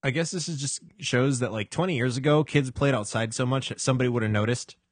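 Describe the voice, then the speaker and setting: A man's voice: mid-range voice, quick pace, slightly rough, dry recording. A man co-hosting a podcast, chatting in a casual, jokey way and reading news headlines aloud. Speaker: podcast co-host. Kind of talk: casual chat.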